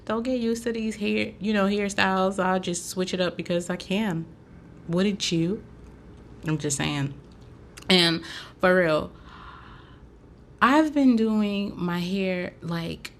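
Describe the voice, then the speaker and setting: With a mid-range voice, this podcast host and braider from Haiti talks in a chatty, loose way packed with filler words on her casual chat show. Slight background noise can be heard.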